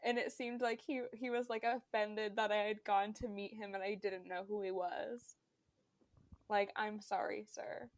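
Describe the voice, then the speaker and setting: Brief: young woman, podcast co-host quizzing friends, casual and hesitant, mid pitch. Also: flat delivery, moderate pace, hardly any pauses. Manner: chatty, hesitant with many fillers. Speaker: podcast co-host running a quiz.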